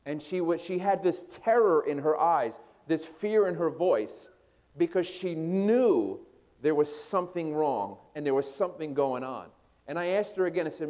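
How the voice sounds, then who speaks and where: A man preaching a sermon as a pastor. He questions the congregation and moves between loud emphasis and hushed storytelling. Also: on the high side, animated, moderate pace.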